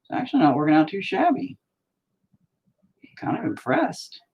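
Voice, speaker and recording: Husky, lively-voiced man rambling while painting. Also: a little high, moderate pace, lo-fi sound. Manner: rambling, profane, self-mocking. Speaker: painting vlogger. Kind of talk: casual chat while painting.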